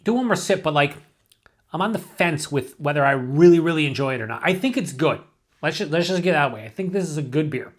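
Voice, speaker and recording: A man's voice: a little high, expressive, brisk. A man giving a casual beer review to camera, thinking aloud and rambling with restarts and asides.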